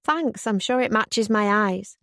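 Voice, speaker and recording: A woman's voice: mid-range voice, a little slow, fairly bright tone, dry recording. A woman voicing a level-headed young woman with a dry, good-humoured manner. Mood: wry.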